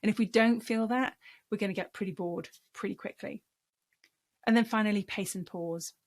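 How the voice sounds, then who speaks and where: A woman's voice: mid-range voice, moderate pace. Encouraging woman coaching public speaking. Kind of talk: speaking-tips lesson to camera.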